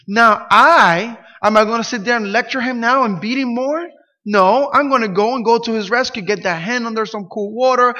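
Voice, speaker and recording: A man preaching a sermon as pastor, animated and emphatic, acting out quotes. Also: extremely high pitch. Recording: dull sound in a reverberant hall.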